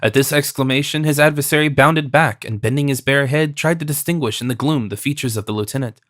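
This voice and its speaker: A man narrating an audiobook in a steady, even reading. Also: medium pitch, fast, no echo, clean studio sound. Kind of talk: scripted narration.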